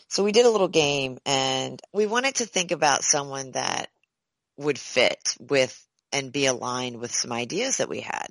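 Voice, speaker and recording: A woman chatting as a conference co-chair, high energy and excitable, often restarting and repeating words. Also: a little slow, creaky, no room sound, poor audio. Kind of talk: casual conversation.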